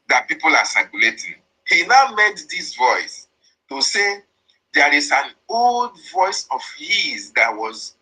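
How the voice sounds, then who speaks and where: His voice runs on the high side, bright and forceful with a breathy edge, captured in a rough recording. This Nigerian-accented speaker on a political online broadcast gives a passionate monologue, repeatedly stressing his points and denouncing opponents.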